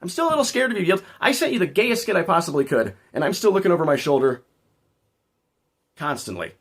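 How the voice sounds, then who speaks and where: A man's voice: sits high, very animated, fast. A man hosting a casual livestream, rambling and joking as he talks back to his chat. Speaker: livestream host.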